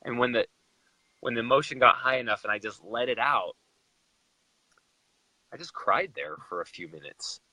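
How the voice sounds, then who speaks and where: A man's voice: medium pitch, lively intonation, moderate pace, long pauses, pushed and bright, no room sound, low-quality recording. A young man from Utah, a guest in a live chat, retelling a personal story with emotion and animation.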